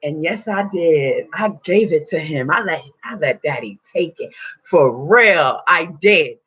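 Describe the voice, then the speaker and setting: A woman spiritual teacher telling a personal story in casual, animated talk, swearing freely and acting out quotes. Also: low-pitched, a little slow, breathy edge. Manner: animated, swearing, acts out quotes in loud voices. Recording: dull lo-fi recording.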